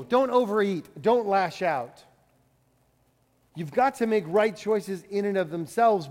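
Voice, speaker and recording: High-voiced man preaching in a hall. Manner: conversational preaching, swings from loud to hushed. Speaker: pastor. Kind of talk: sermon.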